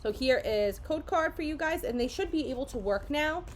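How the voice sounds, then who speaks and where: Excitable woman gushing over an unboxing. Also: sits high, normal speed, slight background noise. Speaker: host. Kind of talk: casual unboxing chat.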